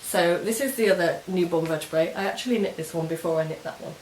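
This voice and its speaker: Her pitch fairly low and her tone darkish, a woman talks quickly on a knitting podcast, meandering through step-by-step accounts of her projects. It's casual show-and-tell. A roomy echo and faint hiss sit under the audio.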